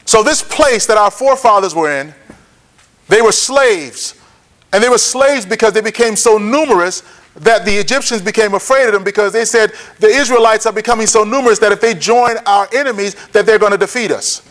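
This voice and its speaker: A man teaching a Bible lesson, often checking that listeners follow and repeating key points slowly for notes. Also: high-pitched, a bit bright. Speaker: preacher.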